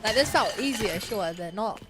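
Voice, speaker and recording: A woman's voice: medium pitch, animated, moderate pace, noisy background. A woman streamer giving casual, chatty commentary while playing a game, reacting and thinking aloud. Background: game music.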